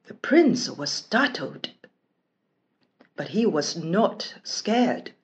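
A woman narrating a children's storybook in a slow, expressive, careful reading voice. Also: medium pitch, breathy edge, lo-fi sound.

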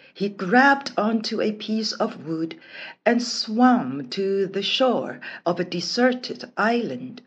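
A woman narrating a children's storybook in a slow, expressive, careful reading voice. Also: mid-range voice, slightly rough, highs cut off.

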